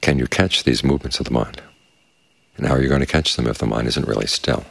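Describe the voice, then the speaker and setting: A man teaches meditation in a very deep, gravelly voice. He talks calmly and without hurry, guiding his listeners. The sound is dry and close, with almost no room echo. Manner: calm, measured, unhurried. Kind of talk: dharma talk. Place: quiet meditation space with crickets outside.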